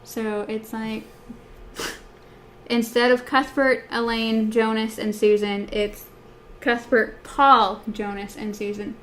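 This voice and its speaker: A woman's voice: fairly high pitch, level tone, takes it slowly, fairly bright tone, slight background noise. A woman co-hosting a book podcast in casual chat, hesitant with many fillers as she compares text versions. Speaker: podcast co-host.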